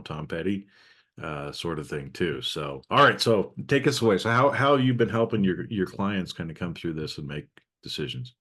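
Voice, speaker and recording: A man's voice: rumbling low, a bit bright. A man hosting a casual talk show, speaking loosely with many fillers and restarts. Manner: loose, meandering, frequent fillers. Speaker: podcast host. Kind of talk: casual conversation.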